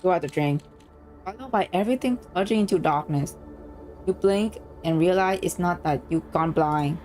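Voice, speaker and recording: A woman streamer reading a story game aloud, reacting excitedly and swearing freely between lines. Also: fairly low pitch, normal speed, soft background music.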